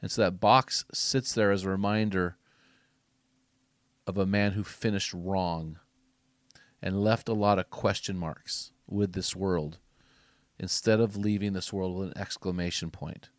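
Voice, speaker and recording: A middle-aged ministry speaker hosts a podcast aimed at men, delivering a preaching-style talk that's emphatic and exhortative, building to loud, punchy bursts. His low-pitched voice is unhurried with fairly even intonation, and there's no echo.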